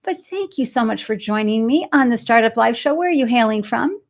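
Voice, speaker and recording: A woman's voice: on the high side, animated, brisk. A woman from Boston hosting a live-stream interview show, bubbly and effusive as she welcomes viewers and her guest. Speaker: host.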